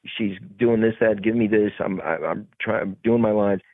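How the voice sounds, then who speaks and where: A man's voice: on the low side, moderate pace, dry recording. A man, a guest actor, telling stories in an interview and acting out the people in them. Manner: animated, acts out the other people in his stories. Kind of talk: storytelling in an interview. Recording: tinny phone-like sound, dry.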